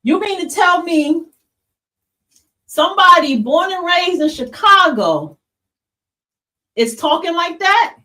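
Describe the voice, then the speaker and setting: A woman hosts a livestream monologue with a high voice, talking straight to her chat. She is blunt and fired up, swears freely and keeps calling her viewers y'all. Her voice sits well back from the microphone. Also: very animated, takes it slowly, pauses often, sharp tone, distant mic, low-quality recording. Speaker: podcast host.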